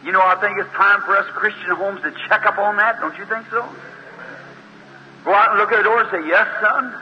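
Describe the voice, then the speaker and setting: A man preaches a fiery revival sermon, acting out the voices in his story and rising to high, urgent exclamations. His voice sits high. The recording is dull and lo-fi, with a long hall reverb and faint hiss behind him. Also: fairly even intonation, fairly quick.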